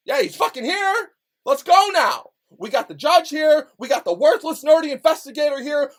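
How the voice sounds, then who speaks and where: A man rants to camera, loud, heated and full of profanity, circling back to the same phrases again and again. His pitch leaps around constantly as he talks. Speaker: rapper and vlogger. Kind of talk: angry profane rant.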